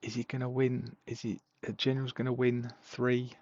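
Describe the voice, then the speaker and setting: A man co-hosts a podcast at normal speed in a mid-range voice, recorded with lo-fi sound. It's a relaxed, rambling chat full of fillers as he goes over fantasy football game results.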